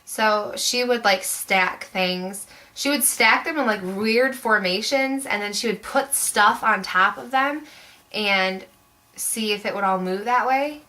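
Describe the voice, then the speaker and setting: A woman's voice: mid-range voice, slow pace, sharp tone, low-quality recording. A young woman vlogger telling a story to camera in a chatty, rambling way, full of "like" fillers.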